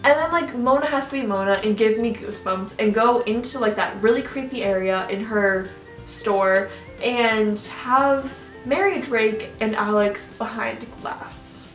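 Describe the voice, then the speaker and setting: A woman's voice: on the high side, unhurried, distant mic. A young woman YouTuber rambling through a casual reaction rant, full of "like" and restarts. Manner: rambling, filler-heavy, lots of "like". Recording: echoey room, off-mic, faint music.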